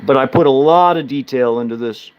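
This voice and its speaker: Halting, rambling man chatting on stream. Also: mid-range voice, lo-fi sound. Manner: halting, many restarts and fillers, speech slurs when fast. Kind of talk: casual live-stream chat.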